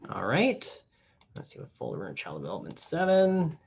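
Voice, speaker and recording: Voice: medium pitch, wildly swooping pitch, moderate pace, creaky. This is a product support trainer leading a hands-on demonstration, explaining each step in order. The delivery is plain and instructional, with casual filler words here and there.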